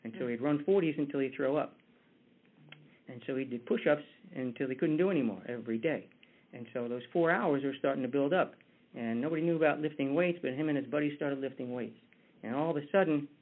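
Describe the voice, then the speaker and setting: A man giving a conversational motivational talk with a story, often restarting his words. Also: mid-range voice. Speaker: motivational speaker. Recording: tinny phone-like line.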